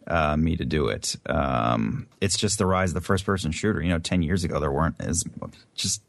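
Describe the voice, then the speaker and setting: A middle-aged man with a New Jersey accent, talking in a laid-back, wry way as a guest in a casual interview. His voice sits very low and comes through dry and close, with no room sound. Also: brisk, vocal fry, dry recording. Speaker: voice actor guest.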